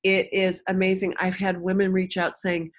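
A woman's voice: mid-range voice, completely flat delivery, normal speed, slight background noise. A woman guest in an interview, frankly telling a personal story and acting out the voices of people she quotes.

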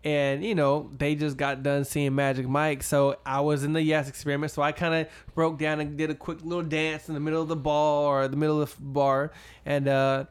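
Animated storytelling young man. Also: fairly quick, smooth. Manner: animated, acts out quotes in high voices, laughs often. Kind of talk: casual storytelling chat.

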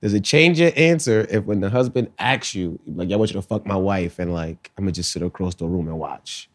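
A man's voice: sits low, a little fast. A man co-hosting a podcast, chatting casually and posing crude hypotheticals. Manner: poses hypotheticals, acts out quotes. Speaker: podcast co-host. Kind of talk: casual chat.

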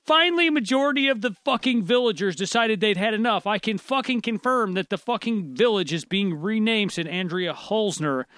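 A man's voice: sits high, expressive, a little fast, few pauses, a bit bright, smooth, no room sound, studio quality. A man co-hosting a podcast, reading news aloud and joking, laughing and swearing often. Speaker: podcast co-host.

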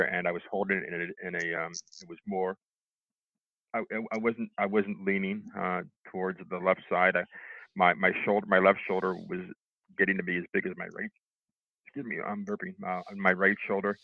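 A middle-aged man telling how he recovered from a stroke, halting, with lots of restarts and fillers. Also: low-pitched, no room sound. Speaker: stroke survivor interviewee. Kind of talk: telling his own recovery story. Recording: tinny phone line, dry.

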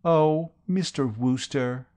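A man reading an audiobook, voicing a sentimental, dreamy young woman with a breathy, whispery, drawn-out delivery. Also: fairly high pitch, a little mellow, pitched above the performer's own voice. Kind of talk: audiobook character voice.

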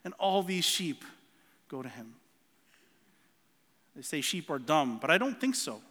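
A man's voice: a little high, sing-song, measured pace, a bit bright, long reverb tail. A man preaching a sermon, telling a personal story earnestly with many restarts and repeated words.

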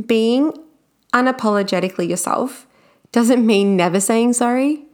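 Speaking at a moderate pace in a fairly high voice, a young woman chats openly about what happened to her at work. Her personal storytelling is relaxed and peppered with everyday filler words.

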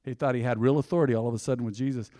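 A man's voice: medium pitch, fairly even intonation, very fast, warm tone. Man preaching in a reverberant hall. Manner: conversational preaching, asks the audience questions. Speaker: pastor. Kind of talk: sermon. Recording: long reverb of a large hall.

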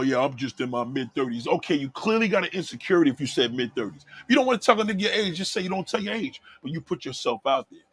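A livestream host with a husky, slightly high voice rants heatedly at chat, reacting to viewers' comments. He's loud and profane, firing off rhetorical questions and repeating himself.

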